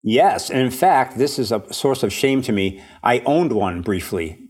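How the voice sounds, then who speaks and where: A man's voice: medium pitch, expressive, measured pace, darkish tone, husky. A man, an author, chatting as a podcast guest in a reflective, self-deprecating way, laughing often. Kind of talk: casual interview chat.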